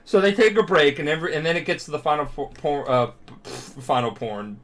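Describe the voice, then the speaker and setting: A drunk young man rambling through a profane, animated retelling as a podcast co-host. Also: fairly high pitch, fairly quick.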